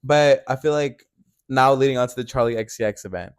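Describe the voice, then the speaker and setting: A man's voice: medium pitch, a little fast, clean tone. A young man co-hosting a podcast in casual chat, talking loosely with lots of fillers. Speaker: podcast co-host.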